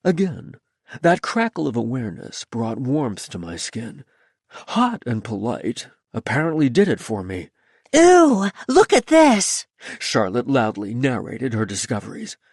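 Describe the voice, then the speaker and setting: Male audiobook narrator, first-person storytelling, lively pitch, dry booth sound. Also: a little slow, husky, no room sound.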